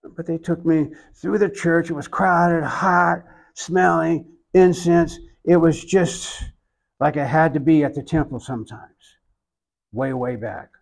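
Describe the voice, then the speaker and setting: Gravelly older Oklahoman man. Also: a little high, low-quality recording. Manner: reflective, unhurried storytelling with soft asides. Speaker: interviewee. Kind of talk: personal storytelling interview.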